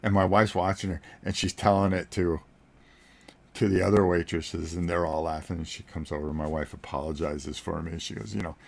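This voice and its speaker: A man's voice: low-pitched, level tone, fairly quick, creaky, a little mellow. A man in his sixties, a board game channel host, telling a story to viewers in a casual, joking way and chuckling between sentences. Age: 60s.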